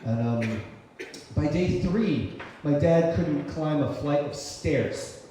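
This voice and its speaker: A man telling a personal story live on stage, conversational and full of fillers and restarts, bursting into loud shouts when he voices his own thoughts. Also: a little high, expressive, slow pace. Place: cultural center stage before an audience. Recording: very echoey hall, faint noise.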